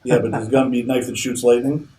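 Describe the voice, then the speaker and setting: A tough male soldier in a storybook reading, sardonic and streetwise, tossing off his lines with a dry edge. A man does him in a mellow, dark tone. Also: mid-range voice, level tone, brisk, recorded from a distance, slight background noise, close to an everyday voice, low-quality recording. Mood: wry.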